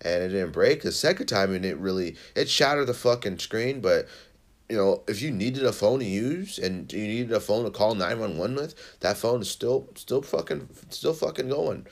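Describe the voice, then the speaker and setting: A man's voice: on the low side, lively intonation, normal speed. Profane, rambling young man telling a story. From Central Valley, Northern California. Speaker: podcast host. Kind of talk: casual storytelling monologue.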